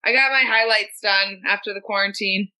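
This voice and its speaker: A woman's voice: mid-range voice, fairly even intonation, brisk, bright, forceful tone, clean tone, no echo, poor audio. A woman joining a podcast as a guest from her laptop over a video call, teasing the host wryly. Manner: teasing, wry. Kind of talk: casual chat.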